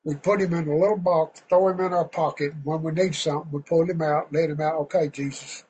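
A man preaching a sermon in a folksy, fervent way, now and then getting loud. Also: fairly high pitch, fairly even intonation, fast, highs cut off, slight background noise.

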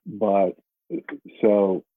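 A man in a prayer group reading scripture aloud in a measured way over a tinny phone-like call line. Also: lowish voice, little pitch movement, no room sound. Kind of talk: casual sharing on a video call.

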